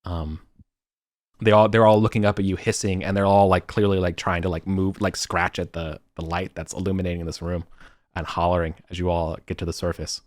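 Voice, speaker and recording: A man narrating as game master over a voice call, halting and full of fillers. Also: deep voice, little pitch movement, no echo. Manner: halting, many fillers and restarts. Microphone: computer mic on voice call.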